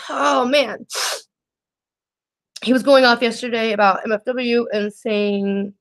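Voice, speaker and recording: A young woman hosting a casual makeup livestream, reading viewer comments aloud and talking in a warm, teary, laughing way. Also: a little high, fairly even intonation, slow pace, long pauses. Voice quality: emotional, teary and laughing, says y'all.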